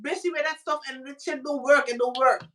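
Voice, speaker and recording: A woman from the Caribbean with a high, bright voice, chatting as a podcast co-host. She tells stories with animation and jumps into squeaky, acted-out voices. She sits a little back from the mic. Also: fairly even intonation, fairly quick, far from the mic. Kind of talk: casual chat.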